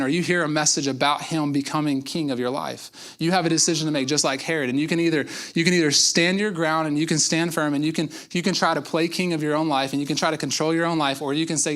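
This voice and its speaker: A man's voice: on the high side, a bit bright. A man pastor giving a conversational sermon, acting out quotes and repeating words for emphasis. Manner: conversational preaching with acted-out quotes and repetitions.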